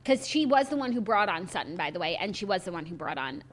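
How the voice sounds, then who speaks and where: A woman's voice: lowish voice, sing-song, fast talker. A woman co-hosting a podcast in casual chat, musing aloud and hesitating with fillers. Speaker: podcast co-host.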